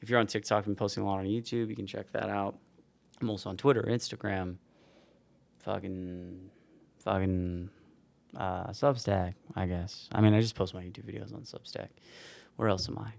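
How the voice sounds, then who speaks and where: A man in his forties winds down a livestream, tired and rambling as he thanks his viewers one by one. His voice sits a little low with a gravelly edge, and the sound is close and dry. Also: flat delivery, normal speed, a little mellow, no room sound. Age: 40s. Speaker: streamer. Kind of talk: casual livestream sign-off.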